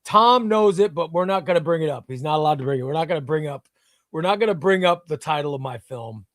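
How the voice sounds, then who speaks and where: Hosting a live comics stream, this man rambles enthusiastically and reads viewer chat aloud in a casual way. He talks fast in an expressive voice on the high side, with clean studio sound and no room echo.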